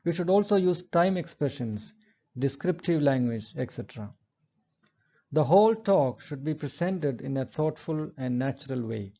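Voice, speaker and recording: A man giving a recorded English lecture, explaining step by step in a measured way and reading example sentences aloud. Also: a little high, lively intonation, dark tone, highs cut off.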